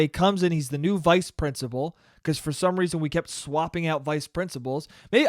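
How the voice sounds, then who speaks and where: A man with a high voice rants his way through a comedic solo podcast story, full of swearing and asides. He talks right into a close mic, and the sound is completely dry. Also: no room sound. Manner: profane, ranting storyteller. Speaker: podcast host.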